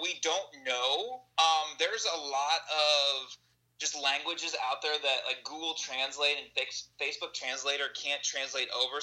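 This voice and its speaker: A man speaks as an interview guest in an earnest, chatty way. His tone is very bright and his pitch sits slightly high. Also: low-quality recording. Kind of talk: casual storytelling.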